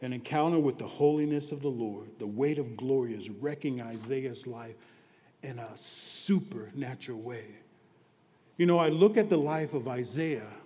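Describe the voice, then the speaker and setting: A man preaching a sermon as pastor, earnest, moving between hushed and emphatic delivery. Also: medium pitch, normal speed. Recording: long reverb of a large hall.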